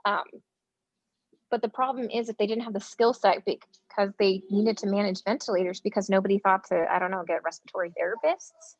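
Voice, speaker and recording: In a conversational interview, a front-line nurse from the US shares stories with animation, performing the lines people said and filling her casual speech with fillers. She talks fairly quickly at a medium pitch. The sound is dull, lo-fi and dry, with no room sound.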